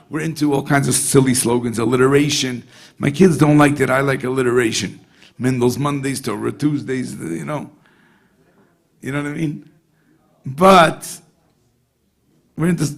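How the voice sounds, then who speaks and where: A man, a rabbi, telling a story to a gathering in a chatty, animated way, dropping in Yiddish and Hebrew words and checking in with the listeners. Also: mid-range voice, creaky, slightly rough. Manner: conversational, often asks the audience "you know what I mean?". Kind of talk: storytelling talk at a Hasidic gathering.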